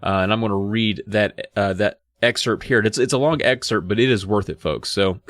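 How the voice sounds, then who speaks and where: A man's voice: on the low side, moderate pace, dry recording. A man hosting a casual book discussion podcast, retelling the story and reading excerpts aloud. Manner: reads excerpts aloud, lively voices for characters. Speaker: podcast host.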